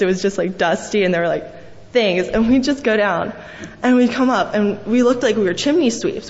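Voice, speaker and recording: A young woman speaking a fond, rambling eulogy in a large church, full of fillers as she tells family stories. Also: mid-range voice. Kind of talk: memorial eulogy. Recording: echoey hall, dull sound, faint hiss.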